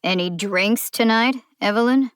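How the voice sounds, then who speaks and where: A woman voicing a gruff male small-town cop who asks short questions in a flat, dry way. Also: mid-range voice, takes it slowly, dry recording, lightly acted. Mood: accusing.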